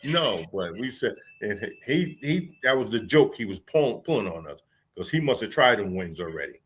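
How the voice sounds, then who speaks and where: A man guest in a casual interview, telling stories slowly and haltingly with restarts. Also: fairly low pitch, sing-song, slightly rough. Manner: slow, halting storyteller with restarts. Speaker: guest, former security man.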